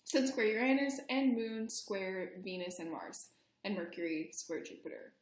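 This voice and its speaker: A woman's voice: medium pitch, animated, moderate pace, roomy sound. A young woman co-hosting an astrology chat, talking casually and bursting into mock-indignant voices. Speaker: astrology podcast co-host. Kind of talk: casual chat, joking chart reading.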